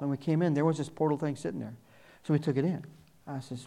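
A man's voice: fairly high pitch, rapid-fire, creaky, mellow. An older man giving a sermon, telling folksy personal stories and acting out the people he quotes. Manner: folksy storytelling, acts out quoted voices. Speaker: church speaker.

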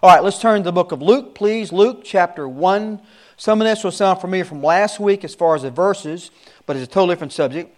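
A man's voice: high-pitched, a little fast, darkish tone. A man in his sixties, a Sunday school teacher giving his class an earnest, repetitive warning in casual talk. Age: 60s.

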